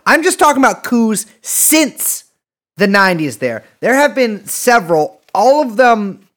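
A man's voice: very high-pitched, big pitch swings, unhurried, fairly bright tone. A man co-hosting a podcast, talking casually with many restarts, jokes and swearing. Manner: rambling, jokey, many restarts and profanity. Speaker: podcast co-host. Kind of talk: casual chat.

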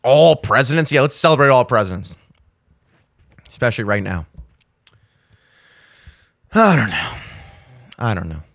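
Lively sarcastic man ranting. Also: mid-range voice, a little slow, pauses often. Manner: profane, sarcastic, acts out mock dialogue. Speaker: podcast host. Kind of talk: ranting comedic monologue.

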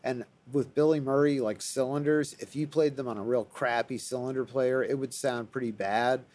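A man's voice: mid-range voice, fairly even intonation, moderate pace, darkish tone. A man in casual conversation, rambling enthusiastically with frequent fillers and restarts. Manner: rambling, enthusiastic about old records.

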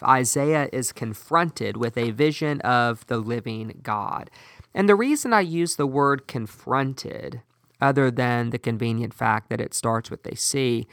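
A man preaching a sermon in a measured, emphatic way, with slow deliberate pauses. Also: mid-range voice, fairly bright tone, no echo, clean studio sound.

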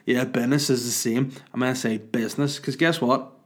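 A man in his thirties with a Northern Irish accent, hungover, telling crude, rambling, animated comic stories. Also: medium pitch, fairly quick. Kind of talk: casual comic storytelling.

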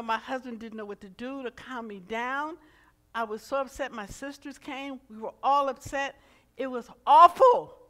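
A woman in her seventies delivering a sermon in a high, bright voice. She moves between storytelling and loud, emphatic preaching with fervent energy. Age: 70s.

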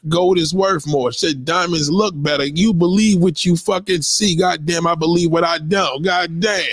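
A man hosting a livestream, ranting bluntly and lecturing his viewers between shout-outs. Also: on the high side, moderate pace. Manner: blunt and preachy, swears constantly, lectures the chat. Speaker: livestream host. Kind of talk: profane livestream rant.

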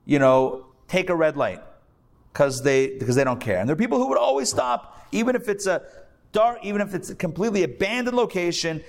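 A man's voice: sits high, big pitch swings, brisk, creaky. A man teaching a live class as a rabbi, talking conversationally and repeating phrases for emphasis. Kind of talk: live recorded lecture. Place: academy classroom before a live audience.

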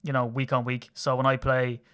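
A man in his thirties from Ireland, co-hosting a podcast in quick, teasing casual chat. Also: medium pitch, monotone, a bit bright, smooth. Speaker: podcast co-host.

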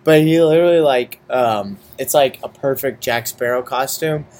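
A young man co-hosting a casual podcast, swearing freely and acting out what people said. His voice sits at an everyday middle pitch. He tells his stories with lively energy. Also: moderate pace. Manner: profane, animated storytelling with acted-out quotes. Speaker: podcast co-host. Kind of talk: casual chat.

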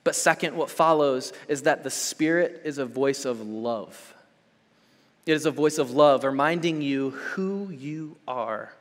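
Male pastor, sermon, fairly high voice, long hall reverb, urgent build-ups then hushed. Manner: swings between loud urgent build-ups and soft hushed passages; conversational, with frequent "okay?" and "right?" check-ins.

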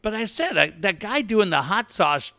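A middle-aged man co-hosting a radio talk show, telling animated stories and swearing casually. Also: high voice, normal speed. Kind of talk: casual chat.

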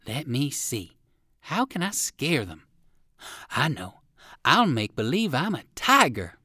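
A man voicing a kindly old gentleman rabbit in a storybook reading, talking in a fretful, fussy, old-fashioned way. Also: mid-range voice, wildly swooping pitch, slow pace, husky, dry recording, studio quality, exaggerated voice. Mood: scheming.

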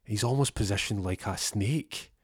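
A young man telling a comic story with lively energy, acting out the voices and sound effects. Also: lowish voice, moderate pace, slightly rough, dry recording, studio quality.

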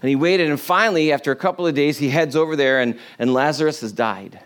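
A man's voice: on the high side, fast, smooth. Conversational man preaching a sermon. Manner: conversational, storytelling with lively acted quotes and soft laughs. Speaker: pastor.

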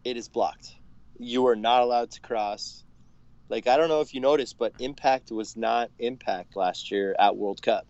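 A man's voice: mid-range voice, normal speed, a little mellow, no echo, highs cut off. A man in his thirties from Canada, chatting as a podcast guest, laughing often and hesitating with lots of fillers and casual swearing. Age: 30s. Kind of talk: casual chat.

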